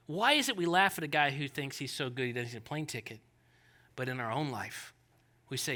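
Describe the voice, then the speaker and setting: A male pastor preaching a sermon in an animated, conversational way with jokey asides. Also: mid-range voice, a little fast.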